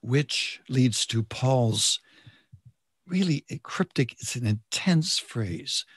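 A man preaches in short, measured phrases with pauses between them. His husky voice moves with lively rises and falls, and his delivery is unhurried. The sound is close and dry. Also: mid-range voice, no echo.

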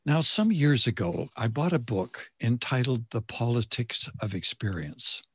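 A man preaching a sermon in short, measured phrases, pausing so an interpreter can follow. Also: medium pitch, very animated, slightly rough, dry recording, studio quality.

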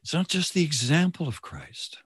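A man preaching a sermon in short, measured phrases, pausing so an interpreter can follow. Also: fairly high pitch, animated, fairly bright tone, husky, dry recording, clean studio sound.

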